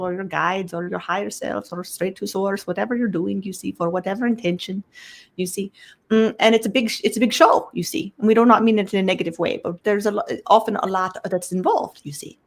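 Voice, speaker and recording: A woman delivers a channeled spiritual talk in a mid-range voice, speaking as a collective. She hesitates and repeats words while feeling for the next one, and drops the same tag question after nearly every phrase. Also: mid-range voice. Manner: halting, repeats words as she searches for them.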